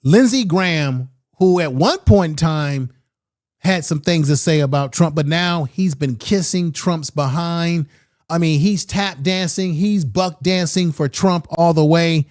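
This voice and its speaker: A man's voice: on the high side, measured pace, darkish tone. A man giving opinionated political commentary with emphatic delivery and repeated rhetorical questions.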